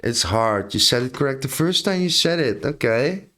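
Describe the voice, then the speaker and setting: A man's voice: medium pitch, lively intonation, normal speed, bright, forceful tone. A European man streaming live, chatting casually and joking with his viewers in a laid-back, drawling way.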